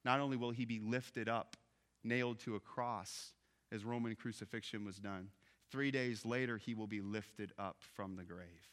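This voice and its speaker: Expressive male pastor preaching. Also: lowish voice, normal speed. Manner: expressive, drops soft on key phrases and rises when animated. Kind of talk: sermon.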